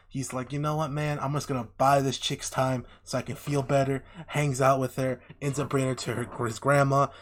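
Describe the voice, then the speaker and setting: A man on a casual podcast, talking at an ordinary middle pitch. He recaps an episode with animated energy and puts on quick voices for the characters. His delivery is loose and conversational. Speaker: podcast co-host.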